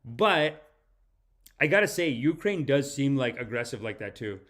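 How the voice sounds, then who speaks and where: A man's voice: medium pitch, very animated, moderate pace, a bit bright. A man hosting a podcast, reacting to clips in a casual, joking, profane way. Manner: joking, profane, laughing often. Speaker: podcast host.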